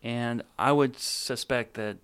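A man with an average-pitched voice, interviewing a guest. He asks his questions in a calm, measured way, walking through details one at a time. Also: smooth.

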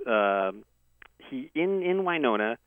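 A man's voice: medium pitch, very animated, slow, no echo. A male guest earnestly telling a detailed personal story in a conversational way, heard over a phone. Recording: tinny dry phone line.

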